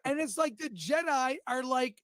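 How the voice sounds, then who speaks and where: A man on a casual review stream, recapping an episode in an explanatory, slightly halting way. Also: very high voice, animated, a bit bright, no echo, studio quality. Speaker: podcast co-host.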